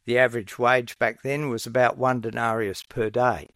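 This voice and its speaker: A man preaching a sermon in a measured, earnest way, now and then acting out the voices of the people in his story. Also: mid-range voice, little pitch movement, fairly bright tone, dry recording.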